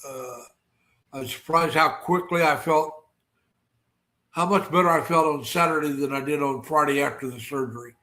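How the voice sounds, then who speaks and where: A man's voice: a little high, steady tone, normal speed, sharp tone. A man hosting a casual livestream, rambling and greeting viewers by name with lots of fillers and restarts. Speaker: livestream host.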